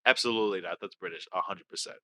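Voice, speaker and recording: A young man co-hosting a podcast in casual chat, excitable and loud and swearing freely. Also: deep voice, very fast. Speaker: podcast co-host.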